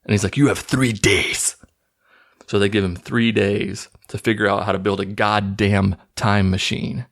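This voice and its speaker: A man with a lowish, gravelly voice talks through a movie's plot in a casual, sarcastic way. He sounds incredulous and amused as he mocks the story. The fry in his voice gives it a rough texture. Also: level tone, moderate pace, few pauses. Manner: mocking, incredulous, loose. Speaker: movie recap host.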